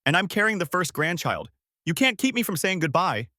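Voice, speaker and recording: A woman's voice: very animated, moderate pace, a bit bright, no echo, clean studio sound. A man voicing a hysterical, entitled young pregnant woman who screeches and shrieks in a storytime narration. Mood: defiant. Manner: shrill, screeching.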